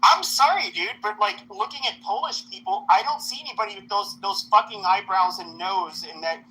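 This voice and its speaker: Man, voice chat regular, bright tone, rambling and profane, constant filler words. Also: high-pitched, normal speed, poor audio. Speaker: voice chat participant. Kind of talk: casual online voice chat.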